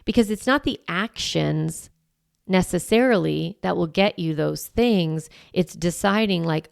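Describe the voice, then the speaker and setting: A woman's voice: lowish voice, measured pace, creaky, no echo, clean studio sound. A woman who is a parenting coach and podcast host, talking in a chatty, encouraging way and often saying "like" and "right". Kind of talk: casual podcast monologue.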